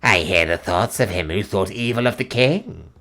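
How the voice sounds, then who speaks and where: A man's voice: deep voice, expressive, moderate pace, fairly bright tone. A man voicing a frenzied female witch-finder, shrieking frantic accusations in an audiobook.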